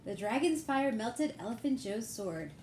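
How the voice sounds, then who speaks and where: Expressive woman reading a picture book. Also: a little high, a little slow, slight background noise. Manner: expressive, storybook cadence. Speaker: children's storytime reader.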